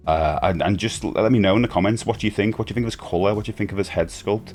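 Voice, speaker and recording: Man in his forties, very low voice, chatty unboxing talk, excited and rambling, faint music underneath. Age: 40s. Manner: chatty, enthusiastic, rambling with restarts. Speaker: toy collector vlogger. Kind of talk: casual unboxing chat.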